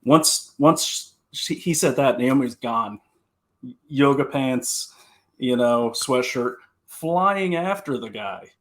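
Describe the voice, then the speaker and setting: A man's voice: mid-range voice, takes it slowly. A man working as a security consultant, telling stories and giving safety advice on a live stream, often restarting his sentences. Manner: animated storyteller, repeats words when starting. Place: home, talking to a computer.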